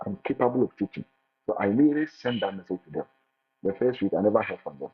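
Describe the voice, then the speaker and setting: A man, a teacher giving casual advice in an animated way, often repeating and restarting his words. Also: fairly low pitch, fast talker, slightly rough. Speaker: international teacher sharing his experience. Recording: phone-like line with faint music.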